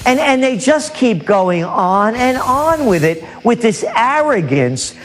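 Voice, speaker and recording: A man's voice: very high-pitched, very animated, slow, faint music behind. A man speaking as a guest forecaster in a talk radio interview, indignant and scornful.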